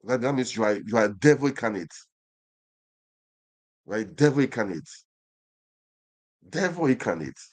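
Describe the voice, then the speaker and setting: A man's voice: medium pitch, lively intonation, normal speed, pauses often, a little mellow. Impassioned Nigerian man ranting. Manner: fervent, repeats phrases, rhetorical questions. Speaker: online show host. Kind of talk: impassioned commentary monologue.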